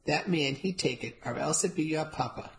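A woman's voice: low voice, moderate pace, gravelly, rough recording. A woman voicing a bossy, touchy elderly woman who scoffs in broken English, in a storybook reading. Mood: scornful. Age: older. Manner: stubborn, scornful, speaks in broken English.

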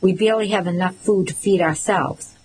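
A woman doing a bitter storybook boy, lowish and sneering. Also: a little fast, darkish tone, slight background noise, natural voice, low-quality recording. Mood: scornful. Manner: scornful, sneering. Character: blunt resentful boy, older brother.

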